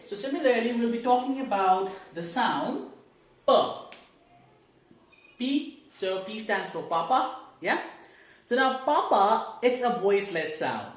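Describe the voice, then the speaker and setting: This woman's online lesson trains learners in English pronunciation: she explains step by step, asks rhetorical questions, and voices sounds for them to copy. Her voice is a little high and expressive, a touch slow, with an echoey room around it.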